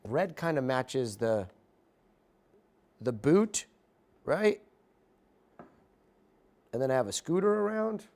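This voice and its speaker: A man's voice: medium pitch, very animated, slow, creaky, pauses often, darkish tone. A middle-aged man, a news anchor, chatting casually with livestream viewers from a studio, self-mocking and reading comments aloud.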